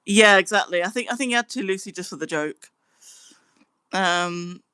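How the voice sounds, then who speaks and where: A woman's voice: medium pitch, normal speed, long pauses, sharp tone, smooth, no echo. Young woman live streaming, chatting to her chat, dry close sound. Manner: chatty, giggly, breaks into laughing fits.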